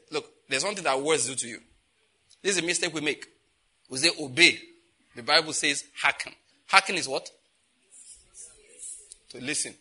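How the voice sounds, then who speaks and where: A man's voice: fairly high pitch, bright, forceful tone, slightly rough. A man preaching a conversational sermon, laughing often and asking his listeners rhetorical questions. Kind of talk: sermon teaching.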